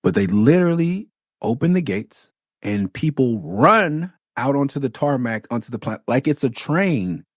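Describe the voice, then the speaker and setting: A man in his forties from Los Angeles, hosting a podcast and telling stories in an animated, profane way. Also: mid-range voice, normal speed, no echo, studio quality. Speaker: podcast host. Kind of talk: casual storytelling.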